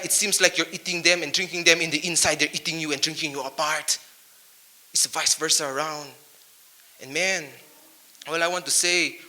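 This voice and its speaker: A man's voice: sits high, sharp tone. A man giving a motivational speech to youth, punchy and emphatic, full of rhyming wordplay, into a handheld mic. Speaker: motivational speaker.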